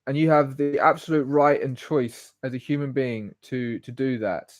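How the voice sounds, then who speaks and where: Casting note: man, late twenties, mid-pitched voice, rambling livestream chat, dry close sound. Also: steady tone, moderate pace, no room sound, faint music behind. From England. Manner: rambling, goes off on tangents. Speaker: live stream host. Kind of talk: casual solo livestream chat.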